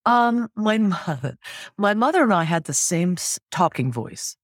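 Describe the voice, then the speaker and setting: A middle-aged singer, a guest in an interview, telling stories in a rambling, animated way with many restarts. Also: medium pitch, unhurried, breathy edge, dry recording, studio quality. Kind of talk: candid conversational storytelling.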